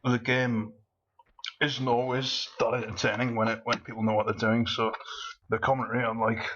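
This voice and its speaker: A man's voice: mid-range voice, flat delivery, moderate pace, fairly bright tone, highs cut off, slight background noise. A man doing casual gameplay commentary with a cold, rambling in a manic way and laughing often. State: has a cold. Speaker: let's play commentator.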